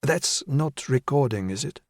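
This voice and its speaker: A man's voice: mid-range voice, expressive, a little slow, darkish tone, no echo, studio quality, pitched above the performer's own voice. A man voicing a nervous woman psychiatrist in her late forties in an audiobook, speaking hesitantly and carefully.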